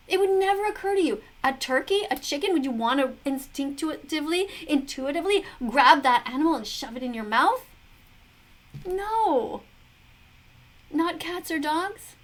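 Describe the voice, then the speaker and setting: A middle-aged woman giving preachy, earnest commentary on a video, full of rhetorical questions. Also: high voice. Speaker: vegan commentator reacting to a video. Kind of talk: casual commentary to camera.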